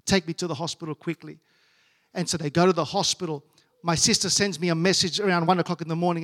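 A man preaching a personal testimony in a fairly high voice. He swings from hushed, soft passages to loud, declaiming runs. It sounds like a sermon told from the pulpit. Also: steady tone, fast talker. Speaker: pastor.

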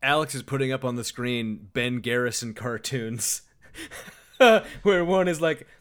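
A man's voice: mid-range voice, measured pace, a bit bright. A man co-hosting a podcast, giving earnest, wry commentary on clips. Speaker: podcast co-host. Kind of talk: casual podcast chat.

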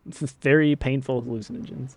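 A man's voice: mid-range voice, steady tone, a little fast, vocal fry, lo-fi sound. A man running a tabletop game as game master, improvising the scene loosely with many restarts.

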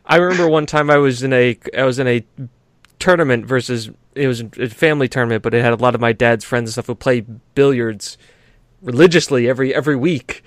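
A man's voice: medium pitch, a little fast, no room sound. A man co-hosting a gaming podcast in casual chat, rambling through stories, swearing freely and laughing often. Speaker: podcast co-host.

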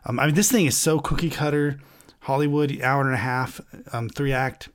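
Man, casual movie chat, rambling and halting delivery, swears a lot. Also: medium pitch, steady tone.

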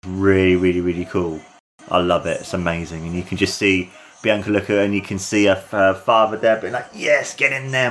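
A young man with a fairly low voice gushes through a wrestling match he is watching along with his viewers. He talks in an excited, rambling commentary, piling on praise and loose fillers. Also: a little hiss or hum. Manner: gushing, enthusiastic, full of fillers.

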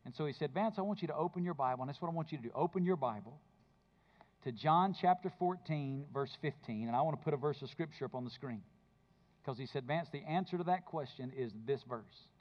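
A man preaching a sermon, moving between low intimate speech and loud emphatic bursts. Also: a little fast, highs cut off. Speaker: pastor.

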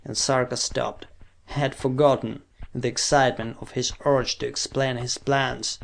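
A man reading a science fiction audiobook in measured, steady scripted narration. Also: mid-range voice, gravelly.

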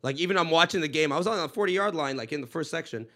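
Fast-talking man telling stories. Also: a little high, expressive, pushed and bright. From Los Angeles. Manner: storytelling, acts out quoted voices, laughs often. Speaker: podcast host, comedian. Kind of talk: casual chat.

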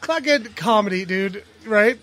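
Guy with a really high voice cracking jokes on a podcast, swears a lot. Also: expressive, unhurried, fairly bright tone. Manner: joking, profane riffing with laughs. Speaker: podcast co-host. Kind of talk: casual comedy banter.

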